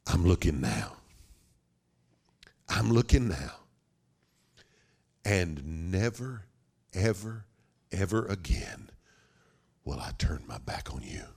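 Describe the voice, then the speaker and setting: A preacher doing a tender, hushed father reassuring his son. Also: deep voice, vocal fry, slightly rough, full character voice. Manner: hushed, intimate, often whispered. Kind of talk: sermon.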